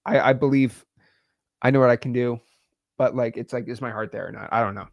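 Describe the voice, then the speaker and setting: A young man hosting a live stream, talking emotionally and haltingly, repeating words and sighing. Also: mid-range voice, fairly even intonation, no echo. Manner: halting, repeats words, sighs, swings between loud and quiet.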